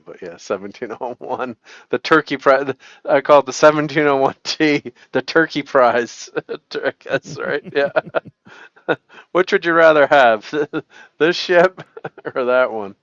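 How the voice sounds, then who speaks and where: A man's voice: medium pitch, moderate pace, fairly bright tone. A middle-aged man chats loosely on a home live stream and breaks into chuckles over and over. The sound is dry and a little dull, with no room echo. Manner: chuckling, rambling, lots of laughter. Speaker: host. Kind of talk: casual live-stream chat.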